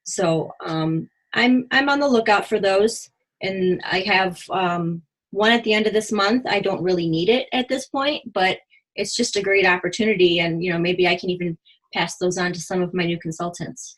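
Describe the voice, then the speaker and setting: A husky-voiced woman chats quickly and animatedly, trading sales tips with her team. She acts out little quoted exchanges as she goes, in an easy, friendly meeting tone. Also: fairly low pitch, rough recording. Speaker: jewelry consultant sharing tips. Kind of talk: casual team meeting chat.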